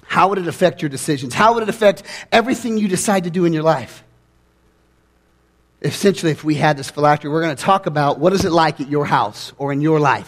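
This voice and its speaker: Young pastor guy preaching, high voice, gets loud then drops way down. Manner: animated preaching, rising to near-shouts and dropping low. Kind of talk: sermon.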